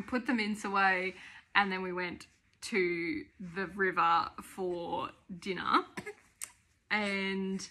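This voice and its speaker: A young Australian woman tells a personal story to camera in a loose, chatty vlog style. Her voice is bright and forward, and she rambles from one aside to the next. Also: mid-range voice. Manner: chatty and rambling, often breaks off to talk to her baby and dogs. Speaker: vlogger.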